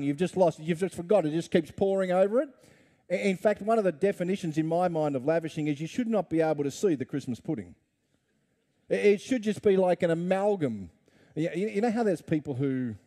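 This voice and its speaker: A man's voice: fairly high pitch, warm tone. A middle-aged man, preaching a conversational sermon full of rhetorical questions and playful asides. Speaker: pastor.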